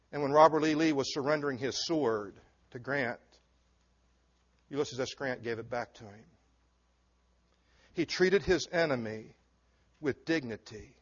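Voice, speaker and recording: A man preaching a sermon to a congregation in an earnest, emphatic way, with asides to the listeners. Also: a little high. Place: church before a congregation. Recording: dull lo-fi recording.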